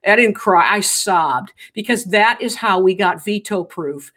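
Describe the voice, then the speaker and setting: A woman's voice: mid-range voice, expressive, a little slow, fairly bright tone. A woman guest from Ohio telling a dramatic story in an interview, acting out the quoted dialogue with energy. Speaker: guest, pro-life activist.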